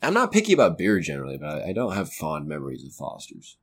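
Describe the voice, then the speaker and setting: A man's voice: sits low, wildly swooping pitch, fast, breathy edge. A man co-hosting a sports podcast, joking around and acting out little stories. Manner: joking, storytelling, acts out others' lines. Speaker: podcast co-host. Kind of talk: casual chat.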